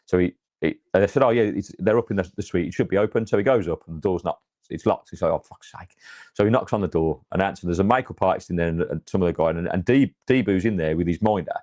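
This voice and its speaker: Deep-voiced and quick, a little mellow, this English man co-hosts a podcast with no echo. His football fan chat about his club meanders, packed with restarts and fillers.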